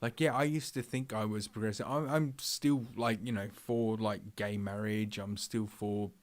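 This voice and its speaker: A man's voice: lowish voice, steady tone, normal speed. Rambling, profane male streamer ranting. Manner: rambling and profane, with many fillers and restarts; blunt, opinionated ranting. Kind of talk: livestream commentary rant.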